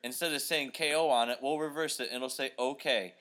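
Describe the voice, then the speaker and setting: A man's voice: mid-range voice, steady tone, brisk, sharp tone, slight background noise. A man co-hosting a casual wrestling podcast, playful and teasing. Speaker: podcast co-host.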